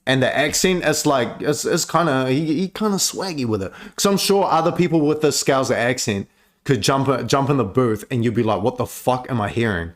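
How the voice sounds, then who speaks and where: A young man hosting a music reaction video, chatting casually in slang, swearing freely and breaking into excited exclamations. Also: mid-range voice, brisk. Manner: slangy, profane, calls viewer bro.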